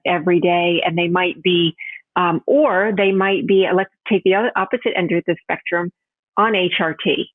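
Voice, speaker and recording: A woman from New York, a health coach guest chatting in a podcast interview, animated and laughing often, jumping high in pitch when quoting people. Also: dry recording. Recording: tinny phone-line sound.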